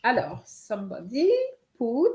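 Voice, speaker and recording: A woman teaching a live online French writing lesson, slowly reading out students' answers and encouraging them. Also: fairly high pitch, sing-song, dark tone, lo-fi sound.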